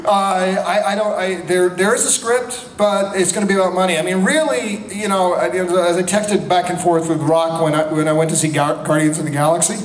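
A man in his fifties, a convention panel guest, telling animated, joking anecdotes full of restarts and laughter. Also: high voice, brisk, few pauses. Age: 50s. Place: large convention hall. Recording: echoey hall with crowd ambience.

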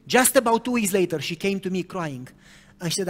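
A man's voice: fairly high pitch, fast talker. A man preaching a sermon, telling a story and often rising into sudden emphatic bursts. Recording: reverberant hall.

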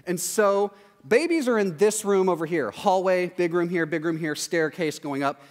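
Pastor, male, high-pitched, sermon storytelling that acts out other voices, large echoing hall. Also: normal speed. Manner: animated, acts out voices in quotes. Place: church hall.

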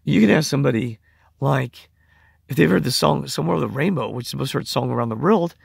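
A man with a hoarse voice, rambling in a casual monologue and acting out the conversations he reports. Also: medium pitch, fast, dry recording, clean studio sound. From United States. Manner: rambling, acts out quoted conversations. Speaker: vlogger.

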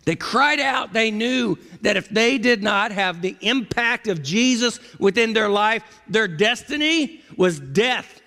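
A man preaching a sermon as pastor, dramatic, swinging from low murmurs up to high cries. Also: animated, slow pace, hardly any pauses, sharp tone. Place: church sanctuary. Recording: long church reverb.

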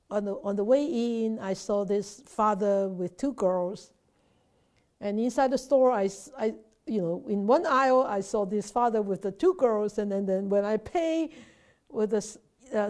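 This Buddhist nun has a fairly high, darkish voice as she teaches a relaxed Dharma class over video. She chats conversationally, often starting over and repeating herself, and regularly checks in with listeners.

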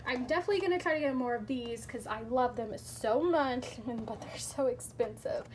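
A woman chatting casually through a toy unboxing, gushing and squealing with excitement and dropping to soft whispers between reveals. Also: on the high side, normal speed, a little hiss or hum.

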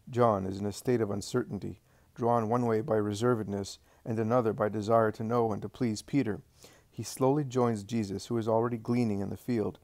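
A man's voice: fairly low pitch, fairly even intonation, brisk, darkish tone, no room sound. Man reading a solemn devotional text. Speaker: narrator. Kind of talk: audiobook scripture reading.

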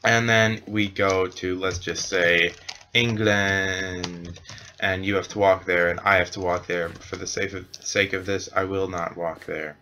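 A man's voice: deep voice, little pitch movement, measured pace, sharp tone, slight background noise. A man who runs a game server, narrating a casual gameplay tutorial with jokey asides and frequent self-corrections.

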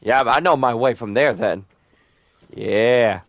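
A young man giving casual let's-play commentary, joking, swearing a lot and letting out sudden loud whoops. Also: mid-range voice, unhurried, creaky, dull audio, slight background noise. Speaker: gameplay streamer.

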